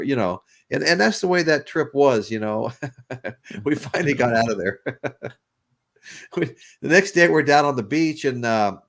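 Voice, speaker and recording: A man hosting a podcast, telling a long story in a rambling way with restarts. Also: mid-range voice. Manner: rambling, with repeated restarts and laughs. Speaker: podcast host. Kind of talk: casual storytelling chat.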